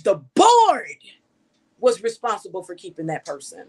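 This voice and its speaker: A woman's voice: medium pitch, wildly swooping pitch, normal speed. A woman journalist giving outspoken, scolding news commentary full of rhetorical questions.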